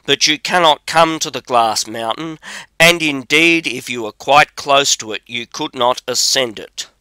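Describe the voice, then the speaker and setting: A man reading the lines of an enchanted young princess who pleads fearfully, in a gentle, imploring storybook delivery. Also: medium pitch, measured pace, clear, resonant tone, no echo.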